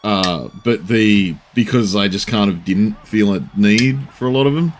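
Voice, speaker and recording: A man's voice: lowish voice, unhurried, a little hiss or hum. Man rambling casually on a stream. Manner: rambling, swears casually, many fillers. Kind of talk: casual live-stream chat.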